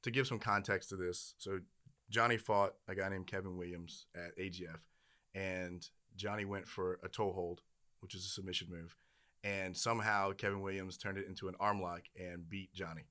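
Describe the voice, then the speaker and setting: A man's voice: low-pitched, level tone, normal speed, pushed and bright. A man co-hosting a podcast, chatting casually and joking while he reads out comments. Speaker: podcast co-host. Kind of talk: casual chat.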